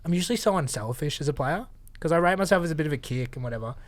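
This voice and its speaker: A man's voice: fairly high pitch, rapid-fire. An Australian man, a podcast guest, telling stories in casual chat with frequent laughs. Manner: animated storyteller, laughs often.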